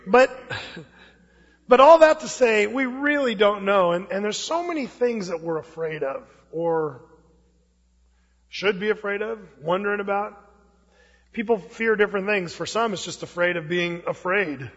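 Male pastor, high voice, casual sermon delivery, long hall reverb on a muffled recording. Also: a little slow, a bit bright, breathy edge. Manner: conversational preaching with folksy asides.

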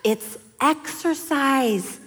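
A woman voicing a calm, reassuring older female mentor with a light Boston accent, speaking slowly and firmly. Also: high-pitched, long reverb tail, a little hiss or hum, pitched above the performer's own voice. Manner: slow, soothing, firm reassurance.

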